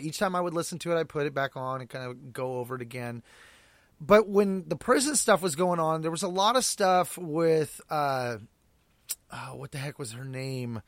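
A man chatting casually as a podcast co-host, animated and laughing often as he acts out quoted lines. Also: on the high side, dry recording. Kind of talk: casual chat about an audio drama.

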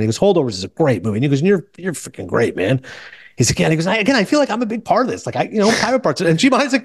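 A man hosting a casual movie podcast, telling stories quickly and acting out the people he quotes. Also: on the high side, husky, no echo, studio quality. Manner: fast, animated storytelling with quoted voices. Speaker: podcast host.

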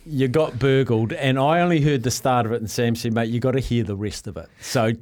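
A man's voice: mid-range voice, a little fast, a little mellow. A man hosting a radio show, chatting casually and prompting his guest to tell a story. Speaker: radio host. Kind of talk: casual chat.

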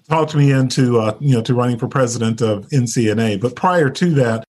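A man's voice: medium pitch, normal speed. A man from North Carolina, a guest telling his story in a casual interview, chatty, with lots of fillers and laughter. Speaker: interview guest, nurse leader.

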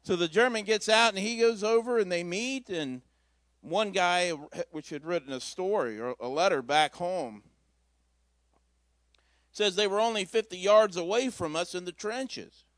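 A man's voice: high-pitched, unhurried, a bit bright, no echo. A man preaching a Christmas Eve sermon in a church, telling a story in a folksy, conversational way with asides. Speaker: pastor.

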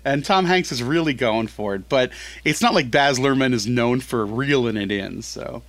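A man talking as a guest in a casual podcast chat, animated and rambling, often correcting himself mid-sentence. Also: medium pitch, normal speed, no echo. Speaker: film critic guest.

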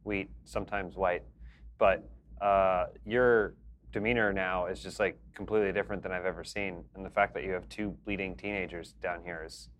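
A man playing in a tabletop game, speaking softly and deadpan. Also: low-pitched, normal speed. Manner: soft, deadpan. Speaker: player. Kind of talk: casual tabletop play.

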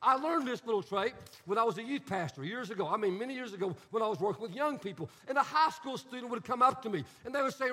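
High-voiced sarcastic pastor in a reverberant hall. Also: male voice, normal speed. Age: middle-aged. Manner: animated, sarcastic, repetitive. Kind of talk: sermon.

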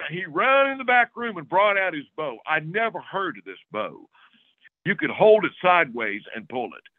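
A man, a podcast guest, telling a long story in a casual, lively way and acting out the other people's lines. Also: fairly high pitch, normal speed, dry recording. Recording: tinny phone-like dry recording.

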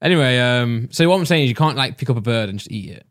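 A man's voice: medium pitch, lively intonation, fast, no echo, clean studio sound. A young man from England co-hosting a podcast in a goofy, rambling, teasing way. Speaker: podcast co-host. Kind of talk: casual chat.

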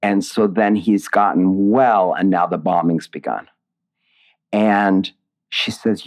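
Very low-voiced man, expressive and rambling. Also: slow. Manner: expressive, digressive, emotional at times. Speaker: author and lyricist. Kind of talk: interview conversation.

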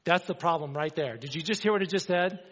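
A middle-aged man preaching a sermon, telling a story with animated energy and acting out the dialogue. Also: on the high side, fast. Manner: animated, acts out dialogue in his stories. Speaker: pastor. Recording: dull sound with long hall reverb.

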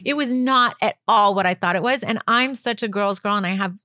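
A woman's voice: medium pitch, brisk, pushed and bright, dry recording, clean studio sound. A woman co-hosting a podcast, chatty and enthusiastic in casual chat. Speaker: podcast co-host.

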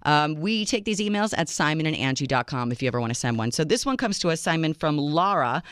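A woman's voice: sits low, expressive, quick pace, clear, resonant tone, dry recording, studio quality. Playful woman co-hosting late-night radio. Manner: playful, teasing, reads listener emails aloud. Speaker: radio show co-host. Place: radio studio. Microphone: studio microphone.

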